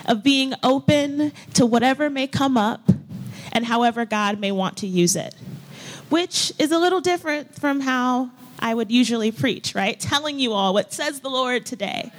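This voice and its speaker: A woman preaching to her congregation in a church hall, her voice sitting a little high. She speaks gently and without hurry, pausing often as she invites people into quiet reflection. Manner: gentle and unhurried, with pauses and invitations. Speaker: pastor. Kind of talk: sermon leading a guided scripture practice. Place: church hall with folding chairs.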